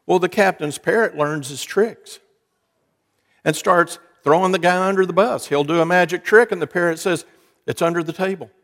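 Preacher guy telling jokes in a sermon, bit high voice, long echo like a big church. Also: normal speed, a bit bright. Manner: folksy storytelling, wry asides to the congregation. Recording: long hall reverb.

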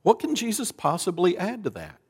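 A man preaching a sermon as a pastor, with dramatic swings between soft, low lines and loud, emphatic ones. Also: a little fast, husky. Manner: dramatic preacher, lively rises and drops in pitch and volume. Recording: long reverb of a large hall.

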